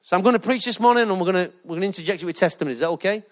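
Pastor, high voice, jokey storytelling sermon. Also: male voice, racing. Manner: jokey, animated storytelling with laughter. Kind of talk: lively sermon with anecdotes.

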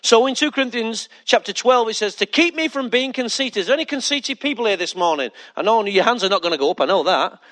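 High-voiced emphatic male pastor preaching. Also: fast, few pauses, fairly bright tone. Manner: emphatic, repeats key lines, asks the congregation questions. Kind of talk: sermon.

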